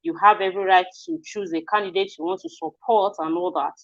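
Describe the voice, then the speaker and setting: A woman's voice: fairly low pitch, steady tone, fairly quick, a bit bright, no echo. A Nigerian woman hosting spoken news commentary, earnest and indignant. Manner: earnest, hesitant, then indignant. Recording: dry, dull lo-fi audio.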